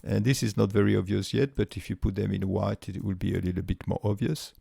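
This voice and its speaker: Gravelly man explaining a spreadsheet tutorial. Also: lowish voice, brisk, no room sound. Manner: relaxed step-by-step explaining with fillers and restarts. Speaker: tutorial presenter. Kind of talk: screen-recorded software tutorial.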